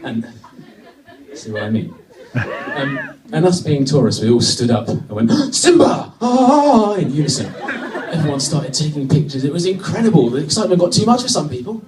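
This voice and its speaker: A man from Britain doing a stand-up routine, telling a wry story with sudden excited bursts. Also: mid-range voice, brisk, recorded from a distance, crowd noise. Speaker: stand-up comedian. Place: comedy venue with a live audience. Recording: echoey venue, mic from afar.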